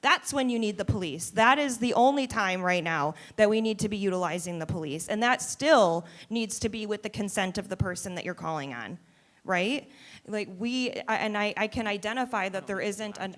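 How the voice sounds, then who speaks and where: Emphatic woman speaking on a panel. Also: mid-range voice. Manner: emphatic, with restarts and asides. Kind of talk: panel discussion.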